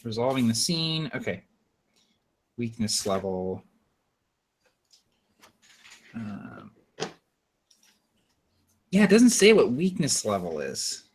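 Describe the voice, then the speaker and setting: A man's voice: mid-range voice, sing-song, slow pace, long pauses, slight background noise. A young man playing in a tabletop game, chatting casually and stumbling over his words. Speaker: player.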